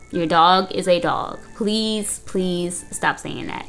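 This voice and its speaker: A woman's voice: lowish voice, lively intonation, slow pace, a bit bright, soft background music. A young woman recapping and reacting to a reality show in casual chat, blunt and full of "like" and "you know". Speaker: reaction video host, counseling student.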